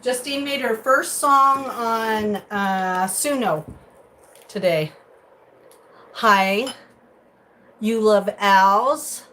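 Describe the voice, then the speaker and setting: A woman vlogger chats casually with her viewers from a home kitchen, rambling from one thought to the next. Her voice sits in a middle register and jumps into high, excited squeals. A faint hiss lies under the recording. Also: very slow, pauses often, rough recording. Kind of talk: casual live chat.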